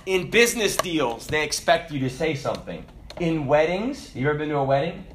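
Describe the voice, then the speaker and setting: A man preaching a sermon, emphatic and animated, with dramatic pauses. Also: on the high side, background noise.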